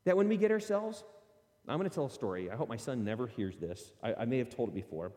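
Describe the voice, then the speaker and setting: Animated male preacher in a reverberant hall. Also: mid-range voice, quick pace. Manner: animated storytelling with voiced asides and self-deprecating humor. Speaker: pastor. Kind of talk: sermon. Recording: long reverb of a large hall.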